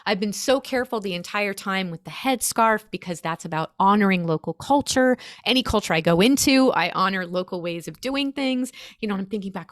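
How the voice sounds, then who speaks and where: An American woman, a storyteller, recounting a personal experience in an earnest, animated, emotional way. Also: mid-range voice, brisk, hardly any pauses, no room sound, studio quality. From United States. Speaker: storyteller guest. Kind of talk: conversational storytelling.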